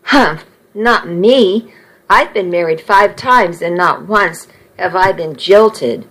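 A woman reading as a shrill vain mother. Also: expressive, slow, fairly bright tone, full character voice, poor audio. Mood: self-pitying. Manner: dramatic, indignant. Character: shrill vain self-pitying mother, middle-aged. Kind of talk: reading a story aloud.

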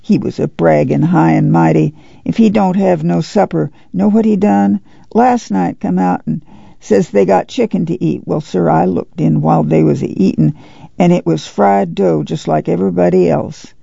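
A man voicing an excitable poor rural girl who rambles eagerly in country talk. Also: on the high side, normal speed, gravelly, slightly rough, no room sound, exaggerated voice. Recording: dull lo-fi dry audiobook recording.

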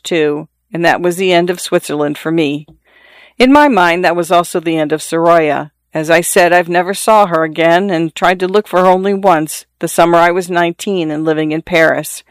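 A man narrates a literary novel with a measured, unhurried storytelling delivery. His voice sits somewhat high for a man and sounds smooth and resonant. The recording is dry and close, with no room sound. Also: no room sound. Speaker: audiobook narrator.

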